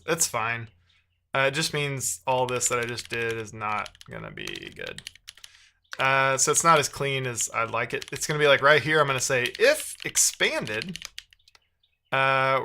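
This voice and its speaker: A man talks casually to his live-stream chat while he codes, thinking out loud and muttering as he works. His voice is bright and forward, and keys clatter under his words. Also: medium pitch, slight background noise. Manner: chatty, thinks aloud, muttering while typing. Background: keyboard typing.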